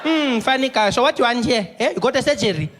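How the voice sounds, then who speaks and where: A man's voice: extremely high pitch, animated, fast, background noise, pitched above the performer's own voice. A male comedian voicing a rude, mocking female hospital check-in clerk who taunts and ends phrases with "eh?". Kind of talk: stand-up character impression.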